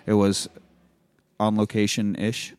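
A man's voice: lowish voice, monotone, slow pace, a little mellow, clear, resonant tone, dry recording. A man hosting a podcast, casually recapping a film scene by scene, swearing freely and acting out lines. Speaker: podcast host.

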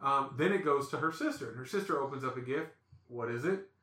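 A man, hosting a casual podcast and telling stories, acting out quotes with animated voices. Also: mid-range voice, fast talker, echoey room. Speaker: podcast host. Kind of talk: casual storytelling chat.

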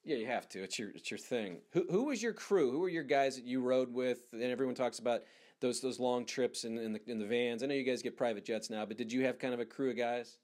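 A man's voice: medium pitch, fast talker, darkish tone. A male interview host with a mid-range voice, eager and fan-like in tone. His questions ramble, circling back and restarting before they land. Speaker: podcast host. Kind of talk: casual interview chat.

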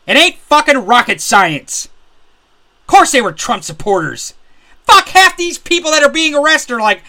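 High-voiced angry ranting man. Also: big pitch swings, normal speed, sharp tone. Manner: profane, heated and sarcastic. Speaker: political commentator. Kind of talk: angry political rant.

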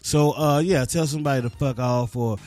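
A man's voice: medium pitch, brisk, a little mellow, faint music behind. A man hosting a talk radio show, loose and casual, cursing freely as he talks. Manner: loose, laid-back, swearing freely. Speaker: radio host.

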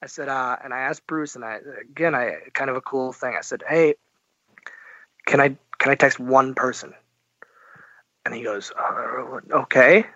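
A man's voice: mid-range voice, normal speed, long pauses, bright, forceful tone, no room sound, highs cut off. A man as a podcast guest, telling a story animatedly and acting out the dialogue. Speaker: interview guest. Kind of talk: podcast interview.

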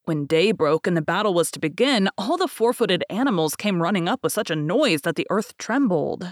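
A woman reading a fairy tale aloud in a measured, expressive storybook manner. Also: lowish voice, dry recording, studio quality. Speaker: podcast host and reader. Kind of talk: storybook narration.

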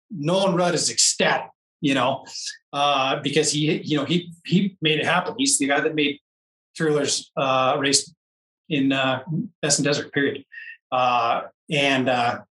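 Male guest, lively storyteller, bright tone, roomy echo, set back from the mic. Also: fairly high pitch, far from the mic. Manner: animated storyteller, laughs often. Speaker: interview guest, off-road racer. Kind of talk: casual storytelling interview.

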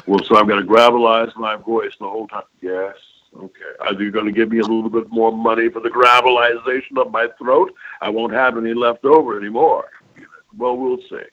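A man's voice: on the low side, fairly even intonation, a little fast. Older man on a lo-fi phone line. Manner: rambling, emphatic storyteller who checks in with the listener. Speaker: voice actor guest. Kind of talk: reminiscing interview talk. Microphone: phone call.

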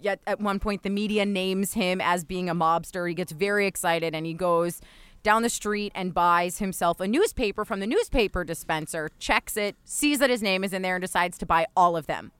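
A woman in her thirties co-hosting a podcast in casual chat, animated and laughing often as she tells stories. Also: lowish voice, normal speed, smooth, no echo. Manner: animated, laughs often, mimics voices in quotes. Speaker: podcast co-host.

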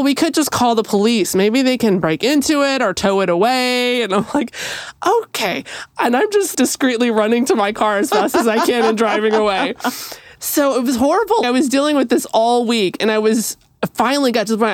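A woman's voice: mid-range voice, dry recording. A woman co-hosting a podcast, telling a story in casual chat and acting out the quoted lines with animation. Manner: animated, acts out quoted dialogue. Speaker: podcast co-host.

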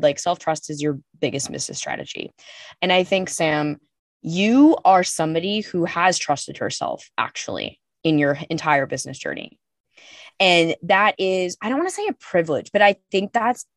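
A woman's voice: lowish voice, dry recording, studio quality. A young woman co-hosting a podcast, talking in a candid, emphatic way and swearing freely. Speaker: podcast co-host. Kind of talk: casual podcast chat.

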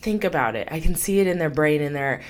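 A woman with a low voice and lively intonation talks fast while hosting her own life-coaching podcast. Her motivational monologue is upbeat, chatty and encouraging, full of warm enthusiasm and frequent laughs.

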